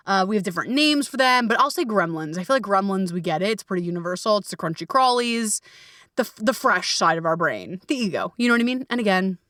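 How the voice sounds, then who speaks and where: Casual woman coach-host, frank and profane, mid pitch, dry slightly off-mic sound. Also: lively intonation, fast, a bit bright, no echo, distant mic. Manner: candid, swears freely, many fillers. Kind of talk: casual reflective coaching talk.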